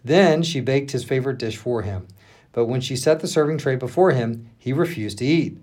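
On a podcast, a male pastor reads a Bible passage aloud with lively expression, pausing now and then to check how a name is pronounced. His voice sits at a medium pitch and moves at a moderate pace.

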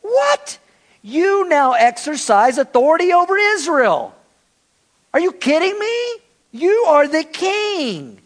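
A man's voice: very high voice, very animated, takes it slowly, pitched above the performer's own voice, full character voice. A bossy, scolding queen, as a man puts her on. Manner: sharp, bossy tone. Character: bossy, domineering queen, scolding adult woman.

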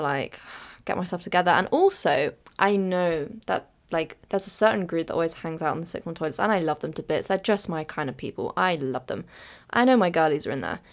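A woman's voice: fairly low pitch, animated, brisk. A woman telling a chaotic, giggly personal story on her podcast. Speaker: podcast host.

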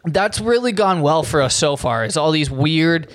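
A man's voice: fairly high pitch, lively intonation, moderate pace. A man hosting a comedy show, delivering a profane, incredulous rant with frequent stumbles and restarts. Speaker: podcast host.

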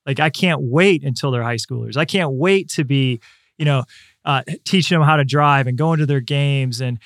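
A man hosting a podcast interview, upbeat and enthusiastic about family life, speaking in quick bursts when excited. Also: mid-range voice, dry recording, studio quality. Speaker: podcast host, father.

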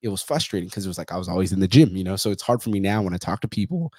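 A man's voice: low voice, animated, racing, darkish tone, dry recording, clean studio sound. A man hosting a podcast, talking in a casual, rambling way full of swearing and fillers like "you know.". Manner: profane, rambling, says "you know" and "like" a lot. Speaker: podcast host. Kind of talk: casual conversation.

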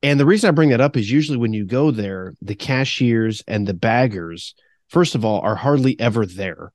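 Male podcast co-host, 30s, animated pitch, casual rambling delivery. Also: normal speed, dry recording, clean studio sound. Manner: rambling storyteller, laughs often. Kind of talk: casual chat.

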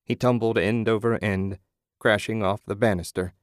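A man narrating a story as an audiobook in a measured, dramatic way. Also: fairly low pitch, fairly even intonation, no echo, studio quality.

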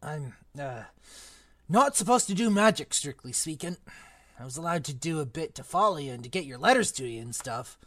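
A podcast reader voicing a big, gruff male half-giant gamekeeper in a book club read-aloud, with rough country speech and loud bursts. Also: medium pitch, expressive, normal speed, no room sound. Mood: rueful chatty.

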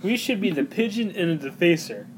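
A man's voice: high-pitched, lively intonation, brisk, a little hiss or hum, low-quality recording. A man with a slightly raised voice bantering playfully in a casual chat. He teases and riffs on the others' remarks. Faint room ambience runs behind him. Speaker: podcast co-host.

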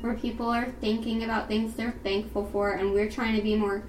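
A woman's voice: mid-range voice, level tone, brisk. A young woman co-hosting a podcast in casual chat, rambling and laughing with lots of "like.". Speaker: podcast co-host. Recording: roomy sound, faint background noise.

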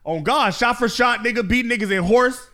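A young man co-hosting a podcast, loud and animated in crude casual banter, repeating his catchphrases. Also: very high-pitched, moderate pace. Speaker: podcast co-host.

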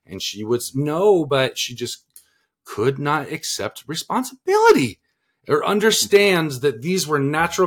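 A man's voice: medium pitch, a bit bright. A man co-hosting a podcast, talking earnestly about parenting in a rambling way, restarting his sentences and leaning on filler words. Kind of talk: casual podcast chat.

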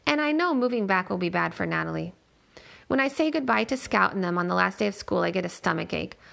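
A woman reading a novel aloud in a steady, plain storytelling manner. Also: mid-range voice, quick pace, gravelly. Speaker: reader.

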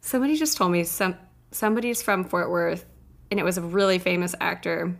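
A woman's voice: fairly low pitch, fairly quick, creaky. A woman co-hosting a podcast in casual chat, joking and laughing often. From Texas. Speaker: podcast co-host.

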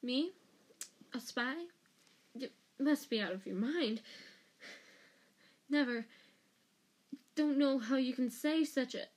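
A woman voicing a cowardly middle-aged male traitor wizard, shrill, panicky and stammering. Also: measured pace.

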